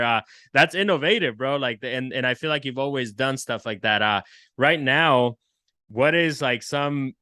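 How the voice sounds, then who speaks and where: A man's voice: medium pitch, sharp tone, clean tone, no room sound. A man hosting a podcast interview, chatting casually with lots of slang and restarts. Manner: loose, slangy, many restarts and "like", "bro". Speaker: podcast host.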